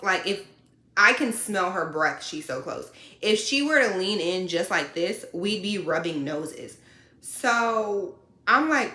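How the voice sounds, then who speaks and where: A woman truck driver telling a story in a casual, animated and sassy way. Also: mid-range voice, takes it slowly. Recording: roomy echo.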